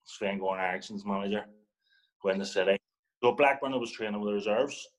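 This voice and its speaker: A man's voice: on the low side, fairly quick, poor audio. A young man, a football guest telling a story in casual chat, swearing and acting out what others said. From Northern Ireland. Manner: animated, swears, acts out other people's lines.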